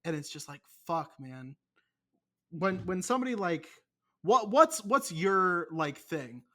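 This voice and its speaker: A man's voice: high voice, big pitch swings, takes it slowly, sharp tone. A young man co-hosting a casual podcast, rambling and swearing, often mocking himself. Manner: profane, rambling, self-mocking. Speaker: podcast co-host. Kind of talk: casual chat.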